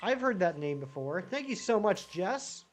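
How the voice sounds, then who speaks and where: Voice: mid-range voice, very animated, moderate pace, faint music behind. A live-streaming gamer chatting casually with viewers, rambling and answering the chat while playing.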